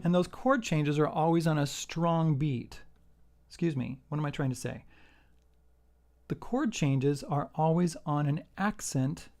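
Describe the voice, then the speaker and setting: A man's voice: fairly high pitch, a little slow, darkish tone. A man giving a casual guitar lesson, walking through a song and counting out the beats. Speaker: guitar teacher. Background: acoustic guitar playing.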